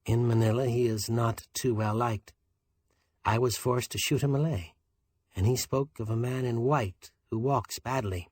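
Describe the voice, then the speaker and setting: A man voicing a calm island detective who speaks in a low, toneless, placid way. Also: measured pace, no room sound, lightly acted. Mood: measured. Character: calm, quietly steady small island detective.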